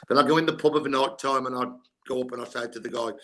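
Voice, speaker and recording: A man's voice: medium pitch, fairly even intonation, fast talker, fairly bright tone. An older man, a guest sports coach telling blunt, candid stories and swearing freely. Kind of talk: candid storytelling chat.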